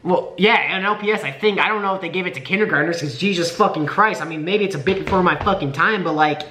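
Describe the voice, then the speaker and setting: A young man in his late teens from Nebraska, USA, vlogs from an indoor room by a window, ranting with profanity and sarcasm. His voice is high-pitched, fast and sharp, with a little hiss or hum, and the room sounds roomy and echoey.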